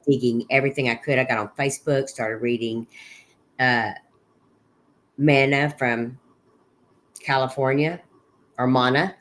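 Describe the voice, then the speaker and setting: A middle-aged woman, a guest on an interview podcast, recounting her son's final months in a halting way, with many restarts and recalled conversations. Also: rumbling low, steady tone. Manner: halting, with frequent restarts and quoted dialogue. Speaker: guest, bereaved mother. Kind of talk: personal account in an interview.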